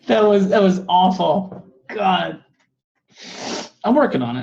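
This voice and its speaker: A man's voice: high-pitched, animated, slow, gravelly, a little mellow, muffled recording. A male coding instructor giving a classroom lecture, rambling with many filler words.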